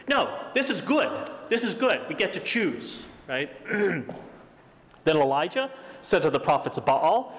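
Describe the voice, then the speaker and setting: A middle-aged man preaching a sermon, reading scripture and acting out the quotes in a lively, high voice. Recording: long hall reverb.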